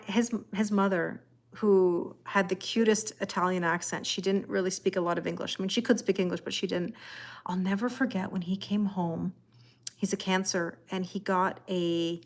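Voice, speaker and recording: A woman reading tarot live and chatting with viewers in a rambling way, laughing often. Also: lowish voice. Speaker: tarot reader. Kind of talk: live-stream chat reading viewer comments.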